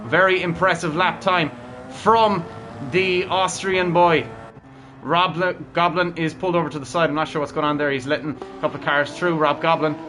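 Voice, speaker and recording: A man's voice: fairly high pitch, fairly even intonation, moderate pace, background noise. Upbeat man calling a race. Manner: upbeat, chatty, talks to chat. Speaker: streamer and race commentator. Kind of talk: live race commentary.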